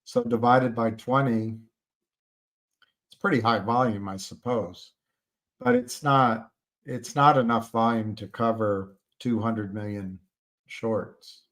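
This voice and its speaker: Fairly low in pitch but fairly bright in tone, a man speaks slowly while hosting a stock-market livestream. He reads viewer comments, stumbling through fillers and restarts, and gets emphatic and indignant about short sellers.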